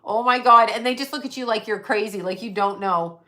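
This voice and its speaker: Brisk and medium-pitched, with a pushed, bright quality, a middle-aged livestream host chats casually. She lets loose with profane, blunt venting and reads her viewers' comments out loud.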